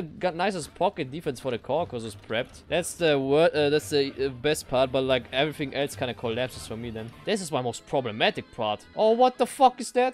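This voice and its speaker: A young man commenting on his strategy game as he plays, excitable and swearing, swinging from low mutters to sudden shouts. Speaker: gaming streamer.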